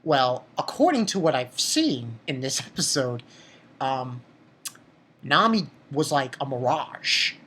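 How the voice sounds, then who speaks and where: A woman's voice: rumbling low, big pitch swings, slow pace, a bit bright, a little hiss or hum. A young woman giving a casual, rambling recap and review of an anime episode, full of restarts and the odd swear.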